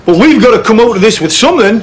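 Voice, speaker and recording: A brash middle-aged Geordie builder. He is pushy and blokey, with a high voice that leaps around a lot. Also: lively intonation, fast, a little hiss or hum. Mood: insistent.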